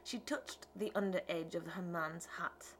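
A woman narrating an audiobook in a measured, even storytelling manner. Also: on the low side, a little hiss or hum, low-quality recording. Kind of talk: scripted narration.

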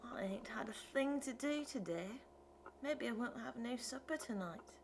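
A woman's voice: on the high side, lively intonation, unhurried, slight background noise, pitched above the performer's own voice. A woman reading an audiobook, voicing a wandering male tinker who talks in a rustic, ungrammatical, wheedling way. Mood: whining. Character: folksy wandering male tinker, pleading salesman.

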